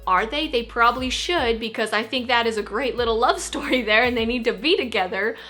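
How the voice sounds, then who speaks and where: Casual female guest reviewer, bright tone. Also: fairly high pitch, fairly quick, soft background music. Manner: chatty, with fillers and repeated qualifiers.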